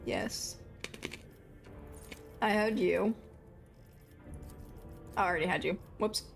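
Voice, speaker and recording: A young woman streams a game and talks to her chat in a loose, casual way, often mumbling to herself as she works through menus. Her voice sits at an ordinary middle pitch. Faint music plays underneath. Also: unhurried, vocal fry. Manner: self-described mumbler, chatty, muttering to herself. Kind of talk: casual live-stream chatter while playing.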